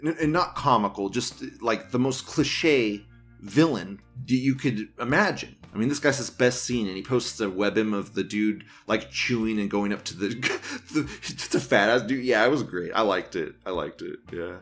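A crude, rambling male host who swings his pitch widely while he rants and laughs often. Faint music plays underneath. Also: animated, moderate pace, a bit bright. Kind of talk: casual ranting commentary.

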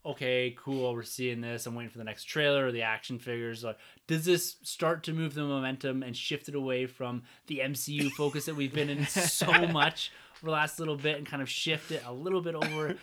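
Man, podcast host, casual chat, upbeat, middle pitch. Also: fairly even intonation, fairly quick, a bit bright. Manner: upbeat, runs the discussion and outro.

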